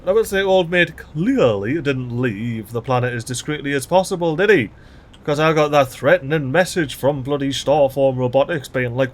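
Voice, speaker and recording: A man giving chatty, excitable let's-play commentary, full of mild swearing and local slang. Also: fairly high pitch, moderate pace. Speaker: gaming video host.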